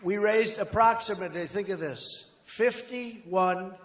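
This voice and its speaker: An older man giving a rambling, boastful campaign rally speech, conversational with sudden loud bursts. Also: high-pitched, unhurried, a little hiss or hum. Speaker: political candidate at a rally. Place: large outdoor rally crowd. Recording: echoey rally PA with crowd ambience.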